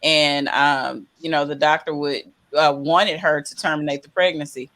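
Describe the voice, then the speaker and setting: A woman's voice: low voice, fairly even intonation, moderate pace, a bit bright, a little hiss or hum. A middle-aged woman rambling and hesitating as she chats casually in a group recap. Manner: rambling, hesitant, laughs often.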